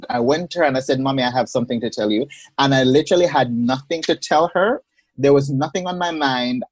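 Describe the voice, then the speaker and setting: Man, podcast guest, husky mid-pitched voice, measured storyteller on a dry video call. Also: no echo. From Jamaica. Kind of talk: personal storytelling in a casual interview.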